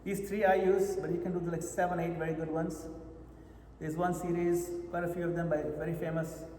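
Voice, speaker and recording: A man's voice: on the high side, level tone, brisk, a little mellow, a little hiss or hum. A man leading a meditation retreat session, coaching his listeners and often checking that they follow. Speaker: japa retreat teacher. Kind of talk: meditation workshop instruction. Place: retreat hall. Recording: echoey hall with long reverb.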